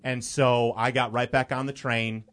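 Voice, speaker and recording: A young man from the Chicago area speaks as a talk show guest at an ordinary, middle pitch. He tells his story earnestly and rambles a little, leaning on "you know" as he goes. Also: flat delivery, a little slow, a bit bright. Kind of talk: personal storytelling in conversation.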